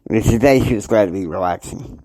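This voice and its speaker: A man telling a long improvised story in a loose, halting way, full of "you know" fillers. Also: fairly low pitch, mellow, no room sound.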